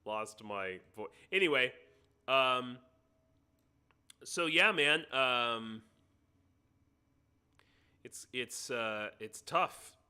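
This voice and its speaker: An American man hosts a relaxed live stream over a computer mic. His voice is very bright and sharp in tone. He chats loosely, cracks jokes and breaks off to fiddle with his audio settings. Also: medium pitch, very slow, pauses often, clean tone. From United States. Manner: chatty, joking, stops to fiddle with his sound setup. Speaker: livestream host. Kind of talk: casual live-stream chat.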